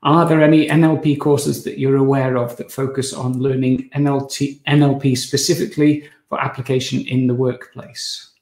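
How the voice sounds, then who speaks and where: A man hosting an interview, relaxed, reading out questions from the audience. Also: mid-range voice, moderate pace. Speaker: host. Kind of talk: conversational interview. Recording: echoey room.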